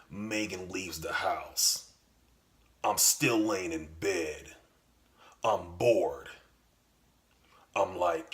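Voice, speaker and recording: Slow, deep-voiced man telling a profane story. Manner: profane, boastful, deadpan. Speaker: comedy vlogger. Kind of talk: comic storytelling rant.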